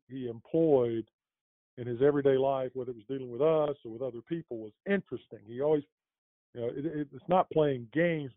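A middle-aged man with a mid-range voice tells a long, rambling story as an interview guest, chuckling and restarting with plenty of fillers. The recording is dry and sounds tinny, like a phone line.

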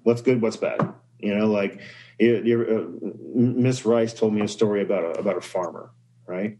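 A man's voice: on the low side, fairly even intonation, normal speed, warm tone, poor audio. A man speaking as a podcast guest in casual conversation, reflective and earnest, often telling stories.

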